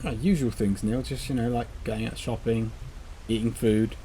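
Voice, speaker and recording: A man's voice: medium pitch, steady tone, normal speed, mellow. A man co-hosting a game playthrough, joking in a dry, teasing way. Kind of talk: casual chat over gameplay.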